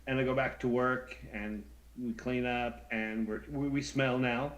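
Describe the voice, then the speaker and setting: Man, thirties, casual chat, animated, stammers, plays out the voices in his story. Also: mid-range voice, measured pace, poor audio. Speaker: co-host.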